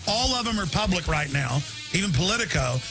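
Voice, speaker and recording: A man's voice: high voice, sing-song, brisk, gravelly, over music. A male talk radio host delivering a rambling, indignant live monologue.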